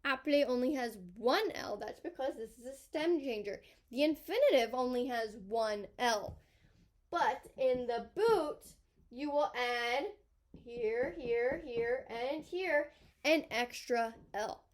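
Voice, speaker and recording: A woman teacher narrates a recorded grammar tutorial, her voice sitting high and light. She moves patiently through each point, pointing out sections of a table as she goes. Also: expressive, slow pace. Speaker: high school French teacher.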